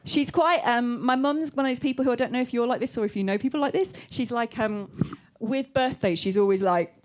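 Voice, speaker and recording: A woman from England doing live stand-up in a comedy club. She talks quickly and casually, swears a lot and fills her pauses with "um". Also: on the high side. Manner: chatty, quick, sweary, many ums.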